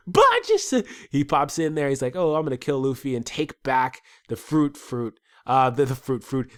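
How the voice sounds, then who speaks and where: A man with a stuffy nose giving a casual solo episode review, rambling and swearing freely. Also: mid-range voice.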